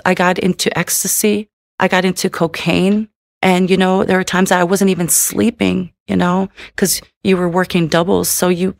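A woman's voice: fairly low pitch, vocal fry, no room sound, studio quality. A woman giving a personal faith testimony, speaking in a candid, earnest way and often adding "you know".

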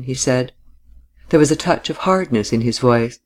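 A man reading a classic novel aloud at an even, measured pace. His voice sits at a middle pitch for a man, calm and steady through long descriptive passages. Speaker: audiobook narrator. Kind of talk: scripted narration of a classic novel.

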